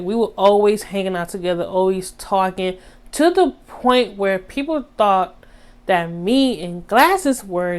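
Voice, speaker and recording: A young woman vlogger telling a story in a casual, animated way. She talks straight to her viewers in slang, and her voice jumps high for drama. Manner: animated, dramatic retelling with sudden high squeaks.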